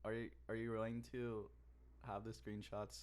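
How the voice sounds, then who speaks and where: A man's voice: fairly low pitch, flat delivery, normal speed, a little mellow, smooth. A young man hosting a casual podcast who rambles, packs his sentences with "like" and trails off mid-thought. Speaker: podcast host. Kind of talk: casual chat.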